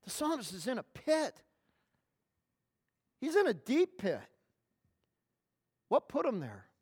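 A woman's voice: a little high, big pitch swings, slow pace, a little mellow, breathy edge. Emphatic woman preaching a sermon. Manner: emphatic, stretches key words, frequent repeated starts. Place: in front of a congregation.

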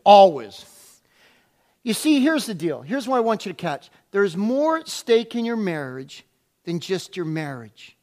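A man's voice: high voice, big pitch swings, unhurried, darkish tone. A man preaching a sermon as pastor, urging and emphatic with playful asides.

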